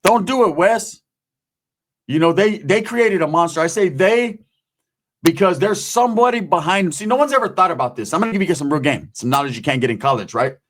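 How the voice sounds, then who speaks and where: A man's voice: high-pitched, expressive, a little fast. A man telling stories and ranting in casual street slang, swearing freely as a YouTube commentator. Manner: profane, streetwise storytelling with slang. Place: home.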